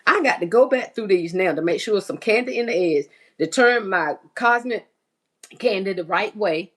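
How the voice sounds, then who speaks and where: A woman's voice: medium pitch, expressive, moderate pace, a bit bright. A middle-aged woman hosting a casual livestream, reading out viewer comments and chatting as she cleans and builds baskets. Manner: chatty, reads viewer comments aloud, folksy Southern US speech. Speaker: livestream host.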